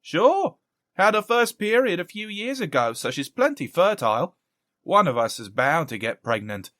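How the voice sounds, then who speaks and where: Brief: male narrator voicing a scheming young woman, raised pitch, sly and menacing, audiobook. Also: sing-song, moderate pace, fairly bright tone, dry recording. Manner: sly and threatening.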